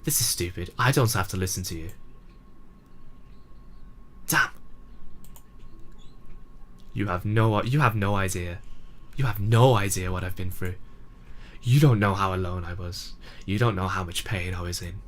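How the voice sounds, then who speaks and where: A man's voice: low-pitched, a little slow, long pauses. A man voicing a proud, remorseful teenage girl club president, emotional and tearful, in a fan reading of a game. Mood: defensive. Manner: emotional, breaking into tears.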